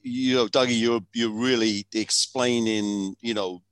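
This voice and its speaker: A man's voice: medium pitch, fairly even intonation, measured pace, fairly bright tone, smooth, no echo. A man interviewing a guest, asking long questions full of fillers. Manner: hesitant, filler-heavy questions.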